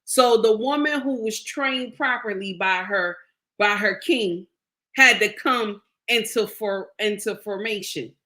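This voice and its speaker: Speaking slowly at a medium pitch, a middle-aged woman recounts a personal story for her vlog audience. Her delivery is pushed and bright, casual yet emphatic, with repeated phrases aimed straight at the viewers.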